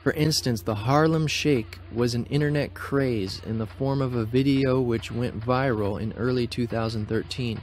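A man's voice: mid-range voice, moderate pace, few pauses, a little mellow, slight background noise. Man reading a scripted narration.

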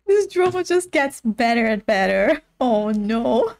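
A woman hosting a casual reaction video, excitable, laughing often and swearing casually. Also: fairly high pitch, unhurried, hardly any pauses, soft background music.

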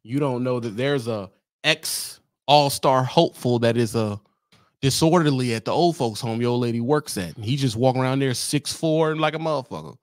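A man's voice: mid-range voice, moderate pace, no echo, clean studio sound. A man who drives trucks, ranting in a comic, profane, rambling way to his viewers. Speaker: trucker vlogger. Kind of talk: comic rant to camera.

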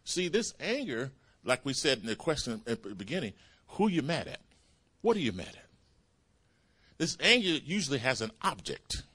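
A man preaching a sermon as pastor, calling out hallelujah and praise the Lord as his pitch swings up and down. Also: big pitch swings, normal speed, bright, forceful tone, husky. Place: church sanctuary.

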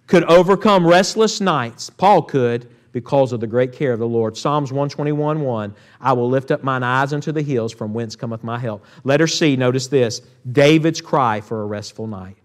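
A man's voice: medium pitch, animated, unhurried. A man preaching a sermon, reading Scripture and calling out to the congregation. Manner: preaching with call-outs to the church and Scripture readings. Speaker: pastor. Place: church sanctuary.

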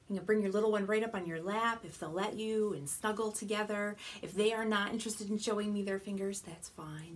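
A woman children's librarian leading a baby storytime from a small home studio, gentle and animated, often dropping to soft whispers. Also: mid-range voice, fairly quick, slight background noise. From United States. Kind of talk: baby storytime with rhymes and songs.

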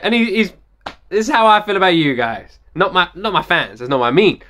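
A man hosting a reaction video, talking excitedly, repeating phrases and swearing freely. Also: high-pitched, fast.

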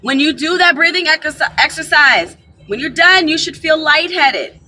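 A woman giving casual spiritual advice to her viewers, chatty and animated, calling them y'all, recorded on a camera mic. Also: high-pitched, normal speed, rough recording. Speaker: spiritual advisor.

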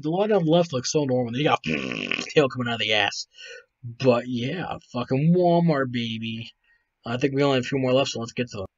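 This man's mid-range voice carries no room sound, captured in a dull, dry lo-fi recording. Hosting a video where he reacts to photos, he comes across as tired, profane, and rambling, laughing often through his casual commentary.

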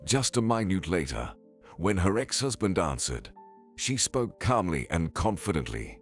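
A man narrating a dramatic story in a scripted, expressive way. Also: deep voice, unhurried. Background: faint music.

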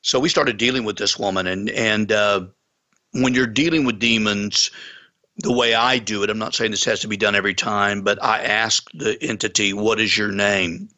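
A man's voice: fairly low pitch, fairly even intonation, moderate pace, pushed and bright. A man, a pastor, earnestly telling a story in a conversation, with folksy sayings. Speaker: pastor and guest.

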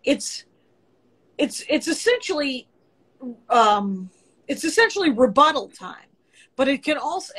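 Woman comic hosting, middle-aged, high pitch, loose and profane, rambles through thoughts. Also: a bit bright. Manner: rambling, profane, laughs easily. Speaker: comedian podcast host. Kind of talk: casual podcast chat.

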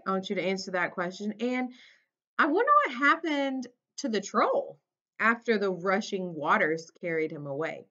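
A woman reads a children's story aloud at a slow, deliberate pace, with expressive storytelling. She stops to ask her young listeners questions, like a teacher. The recording is dull and lo-fi. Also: medium pitch.

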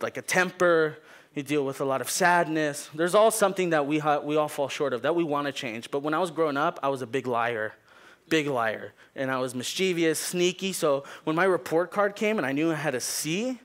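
A young man preaching a sermon, telling a funny story and acting out the people in it. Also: a little high. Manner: animated, jokey, acts out people in the story. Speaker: pastor.

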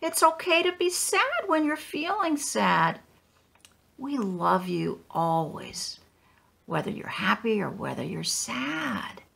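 A woman voicing the gentle, loving parents of a little clown in a children's story, tender and reassuring. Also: very high-pitched, sing-song, unhurried, vocal fry, hardly any pauses, voice pushed up, heavily acted.

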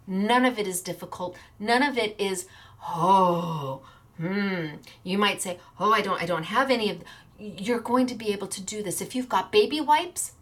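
A woman hosting a chatty craft video, bubbly and excited, often breaking into laughter. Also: mid-range voice, moderate pace. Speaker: craft shop owner and video host.

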